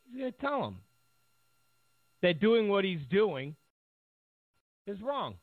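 A man's voice: sits high, sing-song, takes it slowly, no room sound. A male talk show host giving sarcastic political commentary, rambling with lots of fillers. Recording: tinny phone-like line.

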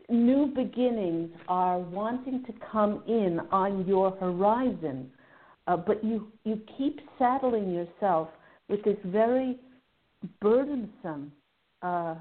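A woman hosting a call-in radio show, giving psychic readings in an effusive, filler-laden way. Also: medium pitch. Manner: warm, effusive, relays messages with many fillers. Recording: phone-like narrow audio.

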